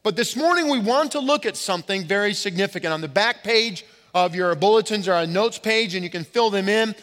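A pastor giving a sermon to his congregation, leaning hard on key words and slowing down to stress them. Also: high-pitched, expressive, a bit bright. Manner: emphatic preaching with slow stressed words. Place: church sanctuary. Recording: reverberant hall.

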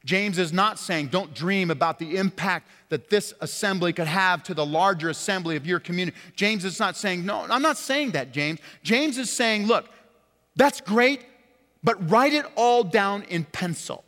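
A man preaching a sermon as pastor, impassioned, swinging from loud emphatic peaks to quiet, low, stressed words. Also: expressive, moderate pace. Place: church sanctuary. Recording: long hall reverb.

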